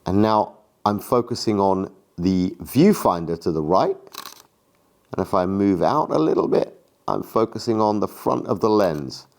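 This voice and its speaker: A man's voice: fairly low pitch, expressive, measured pace, vocal fry, darkish tone. A man in a casual gear review vlog, talking enthusiastically and self-deprecatingly. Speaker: camera gear vlogger.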